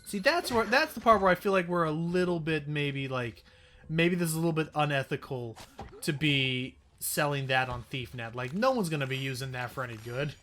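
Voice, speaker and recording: A man casually commentating a video game with friends, rambling with quick asides. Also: on the high side, animated, fairly bright tone, slight background noise. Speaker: let's-play commentator.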